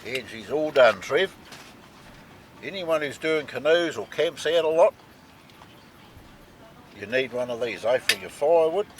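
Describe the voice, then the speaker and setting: A man's voice: medium pitch, lively intonation, a little slow, long pauses, noisy background. Chatty New Zealand man at camp. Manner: chatty, peppers talk with "mate" and "eh". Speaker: vlog co-host. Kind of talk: casual outdoor vlog chat. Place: outdoor campsite.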